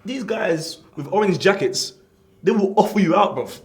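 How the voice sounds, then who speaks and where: Male co-host, mid pitch with big swings, joking banter. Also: animated, normal speed. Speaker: podcast co-host. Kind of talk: casual chat.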